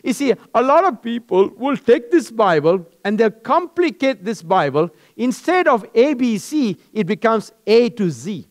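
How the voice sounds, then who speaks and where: A male pastor preaching a sermon in an animated, storytelling way. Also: very high voice, unhurried, hardly any pauses. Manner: animated, storytelling, acts out dialogues.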